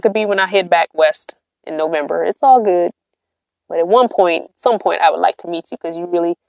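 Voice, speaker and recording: A woman's voice: fairly low pitch, darkish tone, dry recording. A middle-aged woman, chatting on a livestream with viewers, tired and yawning, emphatic and repetitive. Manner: chatty, emphatic, repeats herself. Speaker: vlogger hosting a livestream. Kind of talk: casual livestream chat with viewers.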